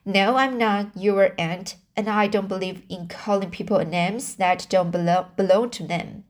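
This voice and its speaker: A woman reading aloud and voicing a stern, plain-spoken older woman in a firm, measured tone close to her own voice. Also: mid-range voice, steady tone, natural voice. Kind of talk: amateur audiobook reading.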